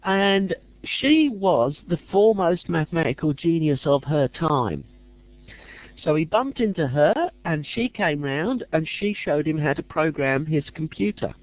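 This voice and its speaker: Chatty man teaching a class, animated delivery, dry humour, muffled close dry recording. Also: fairly high pitch, measured pace, no echo. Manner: chatty with dry jokey asides. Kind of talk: casual lecture.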